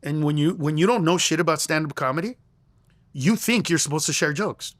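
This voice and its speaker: A man's voice: fairly high pitch, fairly quick, a bit bright, dry recording. A middle-aged man, a comedian guest in an interview, telling stories in an emphatic, profane way with stammering restarts. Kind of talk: animated interview storytelling.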